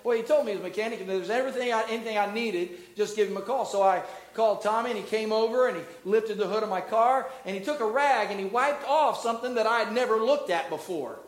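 A middle-aged pastor preaches in church, asking his congregation questions and swelling to loud, emphatic peaks before dropping low and soft. He talks fast with few pauses, and the low-quality recording echoes around the room.

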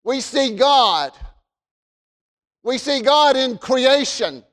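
Man, pastor, sermon, very high voice, slow and emphatic, long hall reverb. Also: expressive. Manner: emphatic, repeats phrases, rises to shouts. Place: church sanctuary.

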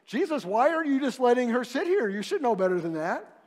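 A man's voice: very high-pitched, very animated, fairly quick, a little mellow, long reverb tail, voice pushed up, full character voice. A male preacher voicing a frazzled, busy woman host who complains with indignant, whiny pleading. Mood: indignant whining.

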